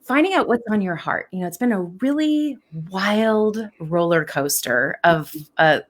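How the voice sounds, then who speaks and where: A woman's voice: mid-range voice, animated, a little slow. A woman hosting a live-streamed interview chat, bubbly and effusive, laughing often. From United States. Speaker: host.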